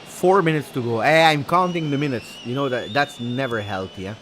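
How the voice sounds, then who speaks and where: A man hosting a live football watch-along, excitable and anxious, chanting repeated words and breaking into shouts. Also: mid-range voice, a little fast, slight background noise. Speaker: football fan channel host.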